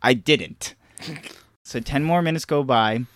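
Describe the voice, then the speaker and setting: Animated storytelling man, dry close sound. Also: mid-range voice, measured pace, dry recording. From Boston area. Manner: animated storytelling, acts out quotes loudly. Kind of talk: casual chat.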